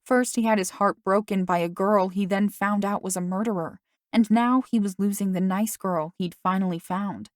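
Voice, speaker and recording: A woman narrating a first-person novel as an audiobook, in a steady storytelling manner. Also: mid-range voice, no echo, clean studio sound.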